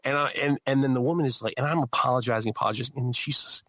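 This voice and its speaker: A man co-hosting a knife-making show, telling a story with lively energy and acting out the people in it. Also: mid-range voice, very fast, dry recording. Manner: excitable, acts out quoted voices. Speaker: podcast co-host. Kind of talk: animated storytelling.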